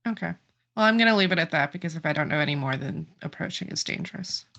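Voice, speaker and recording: A woman's voice: low-pitched, animated, quick pace, creaky, sharp tone, muffled recording. A woman playing a tabletop role-playing game, reasoning aloud and asking the storyteller about details. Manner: reasoning aloud, thoughtful questions. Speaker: player. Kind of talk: casual tabletop play.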